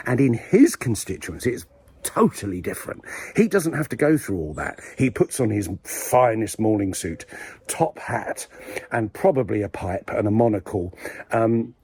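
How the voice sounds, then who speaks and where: A man's voice: fairly low pitch, warm tone, slightly rough. A man hosting his own video blog, rambling through a satirical, mock-serious monologue with playful asides, outdoors in a village graveyard. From England. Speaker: video blogger host.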